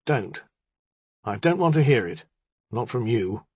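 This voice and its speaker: A man reading an audiobook, voicing a defiant, sharp-tongued young woman with scornful, clipped retorts. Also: medium pitch, animated, a little slow, breathy edge, no echo.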